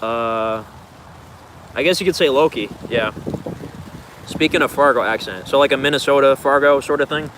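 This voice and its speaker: Male streamer, mid-range voice, relaxed and rambling Q&A delivery, noisy recording. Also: mid-range voice, moderate pace, long pauses. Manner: rambling, laid-back, loose filler words. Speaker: streamer answering viewer questions. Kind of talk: casual livestream Q&A.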